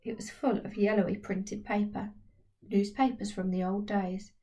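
A woman narrating a children's novel aloud in a steady, lightly expressive reading voice. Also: mid-range voice, normal speed, distant mic. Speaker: audiobook reader. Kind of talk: storybook narration.

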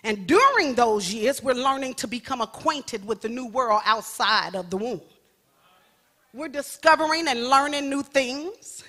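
A woman evangelist preaches a sermon. Her voice is bright and fairly high. She swings between loud, stretched-out peaks and quick, chatty asides to the congregation. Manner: emphatic preaching with big swings in volume, playful asides to the congregation.

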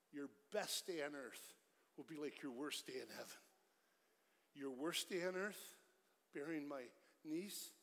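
Man, middle-aged, evangelistic sermon, high pitch, long hall reverb, comic then hushed. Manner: swings from loud comic storytelling to hushed pleading. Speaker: evangelist speaker at concert. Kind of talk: energetic evangelistic sermon with jokes. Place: large church concert hall.

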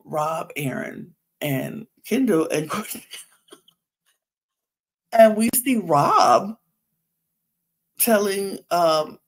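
A woman's voice: on the low side, expressive, very slow, long pauses. A woman hosting a podcast, giving a casual gossipy recap of a reality show, chatty and laughing often. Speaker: podcast host.

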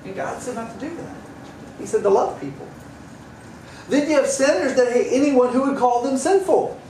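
A man's voice: very high voice, animated, moderate pace, mellow, slight background noise. Man preaching in a roomy church. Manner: conversational, wry asides, acts out quoted voices. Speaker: pastor. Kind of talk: sermon. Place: church sanctuary. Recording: roomy church sound from a distance, faint ambience.

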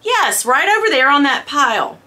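A woman chatting casually to camera as a vlogger, self-mocking and quick to laugh. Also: high voice, big pitch swings, sharp tone.

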